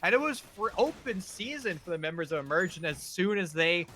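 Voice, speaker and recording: Male esports color caster, high voice, bright and sharp, breaks down tactics. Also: expressive, brisk, slight background noise. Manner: analytical, explaining tactics.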